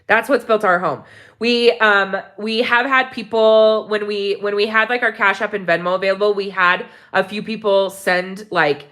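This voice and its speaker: A woman vlogger chats to her viewers in a rambling, heartfelt way, full of ums and restarts. Her voice sits at an ordinary middle pitch, with an unscripted, personal feel. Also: steady tone, moderate pace, fairly bright tone. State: tearful near the end. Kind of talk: casual chat to viewers. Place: home in Mexico.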